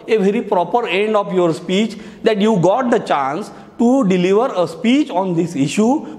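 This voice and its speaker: A man's voice: sits high, mellow. A male teacher giving a lesson on speech writing, explaining each step and repeating key phrases. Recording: echoey hall.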